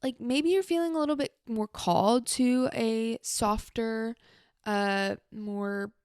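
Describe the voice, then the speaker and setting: A woman's voice: fairly high pitch, steady tone, slow, darkish tone, clear, resonant tone, dry recording, studio quality. A young adult woman hosting a solo advice podcast, talking casually and reassuringly with a lot of "like" fillers. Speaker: podcast host.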